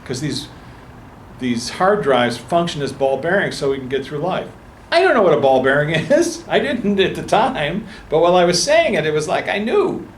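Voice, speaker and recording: A man speaks to a meeting-room audience at a book talk, sharing a personal story and voicing its characters. His fairly high voice is sing-song and moderately paced. Slight background noise sits under an echoey room with faint ambience.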